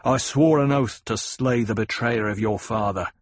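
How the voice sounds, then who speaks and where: A man voicing a gruff, vengeful male soldier who snarls threats, with a husky voice. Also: medium pitch, normal speed, close to an everyday voice. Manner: snarling, menacing.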